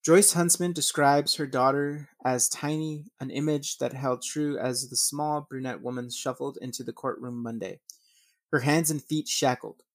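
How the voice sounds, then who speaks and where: A man's voice: medium pitch, fairly even intonation, normal speed, dry recording. Casual rambling man reading true crime. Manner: reads news text then rants with swearing; stumbles and restarts over names.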